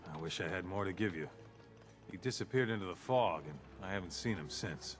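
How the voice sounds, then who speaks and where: A man's voice: low voice, lively intonation, fairly quick, over music. An actor playing a worried, defensive man who feels guilty, in a video game. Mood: troubled. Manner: earnest, defensive. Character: worried lone male townsman, guilty and defensive.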